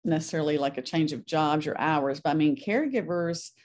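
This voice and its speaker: A woman's voice: low-pitched, a little fast, a little mellow, slight background noise. A middle-aged woman, a guest on a faith podcast, telling her story earnestly and acting out the voices she quotes.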